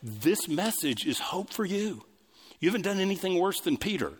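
A male pastor delivering a sermon, building lines through repetition and swinging between raised and hushed delivery. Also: very animated, husky. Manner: preaching with sweeping pitch swings, quick asides and repetition. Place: church sanctuary. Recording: long reverb of a large hall.

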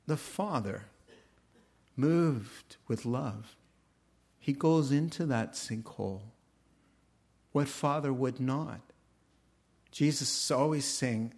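A middle-aged pastor delivers a sermon at an unhurried, deliberate pace, his voice sitting at an ordinary male pitch. He tells stories earnestly and slips into the voices of the people he quotes. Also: a little mellow, breathy edge. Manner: earnest storytelling with quoted dialogue.

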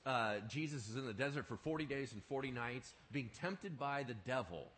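A male pastor preaching a sermon in an animated, emphatic way, often asking his listeners questions. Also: medium pitch, moderate pace, a little hiss or hum.

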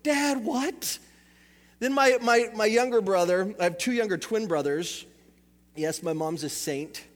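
A man preaching a sermon, telling family stories with animated acted-out voices and frequent repeated words. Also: high-pitched, moderate pace. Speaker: pastor. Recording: church hall reverb.

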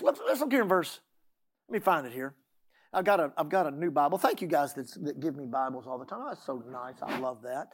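A man's voice: sits high, a bit bright. A middle-aged man preaching a sermon, often repeating words and asking the congregation "Amen?".

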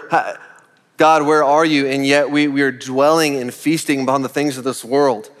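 A male pastor delivers an earnest sermon in a mid-range voice. He repeats his key points and poses rhetorical questions to the congregation. His voice carries a long reverb through the church hall. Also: mid-range voice.

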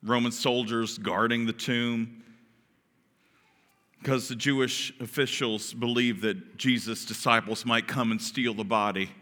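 A man preaching a sermon, telling a story dramatically, his voice swinging from hushed to loud as he acts out voices. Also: medium pitch, steady tone, unhurried. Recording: long hall reverb.

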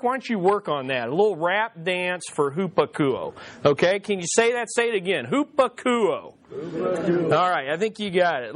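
A man with a notably high-pitched voice delivers a sermon, weaving humorous anecdotes into his lesson. He draws the congregation in with call and response and repeats his key lines for emphasis. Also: fairly bright tone. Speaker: pastor. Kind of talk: sermon with jokes.

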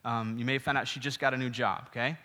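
A middle-aged man giving a sermon as pastor, conversational and animated, with frequent asides to the congregation. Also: medium pitch, quick pace. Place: church hall. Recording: reverberant church hall.

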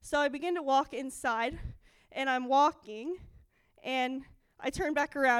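A young adult woman giving an excited, animated testimony in a church service, acting out her own quoted dialogue. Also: high voice, a little slow, dry recording. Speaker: church speaker.

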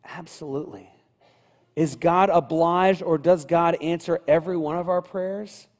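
A man delivers a sermon from the pulpit, his voice slightly higher than most men's. He builds rhythm through repetition, pushing louder and then dropping low. The sound rings with the long reverb of a church sanctuary. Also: steady tone, measured pace. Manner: rhythmic preaching with repeated phrases and wide swings in loudness. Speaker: pastor.

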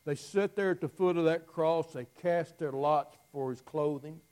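A man preaching a dramatic storytelling sermon, swinging from loud declaiming to hushed, near-whispered lines. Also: a little high, poor audio. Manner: slow, drawn-out phrasing with long pauses.

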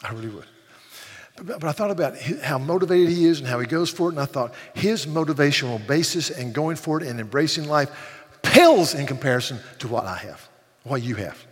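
A man's voice: a little high, lively intonation, a little fast. An older man preaching a sermon, earnest, often repeating words as he builds emphasis. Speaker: pastor. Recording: long hall reverb.

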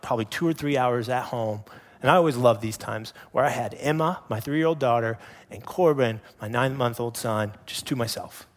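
A man in his thirties, a pastor preaching a sermon with animated storytelling that drops to hushed emphasis. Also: mid-range voice.

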